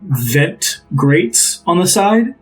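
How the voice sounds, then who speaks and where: A man's voice: sits high, sing-song, very slow, breathy edge, faint music behind, rough recording. A man narrating as game master, describing scenes in a loose, rambling way with many fillers.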